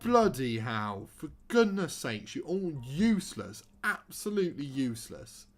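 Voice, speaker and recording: A man's voice: medium pitch, big pitch swings, unhurried, faint music behind. A young man streaming a football manager game, commentating live with sarcastic, exasperated rants.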